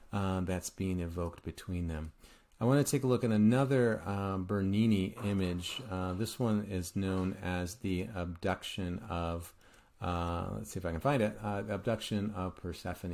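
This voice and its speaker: A man teaching art history in a relaxed lecture, retelling a myth conversationally with many filler words. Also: low-pitched. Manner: conversational, frequent "uh" fillers and restarts; retells myths casually with a light humorous touch. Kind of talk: informal recorded lecture.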